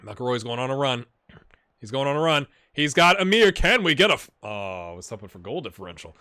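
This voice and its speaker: A man hosting a game channel, giving chatty, excitable live commentary while he plays and talking straight to his viewers. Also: medium pitch, fairly quick, clear, resonant tone, no echo, studio quality. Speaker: gaming channel host.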